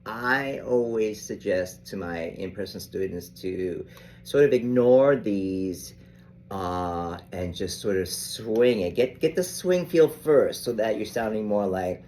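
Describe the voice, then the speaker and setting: Older man, music teacher, low-pitched, very slow, rambling, casual explaining. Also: animated, dark tone, slight background noise. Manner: unhurried, rambling, with frequent restarts. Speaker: saxophone teacher. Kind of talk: casual instructional talk.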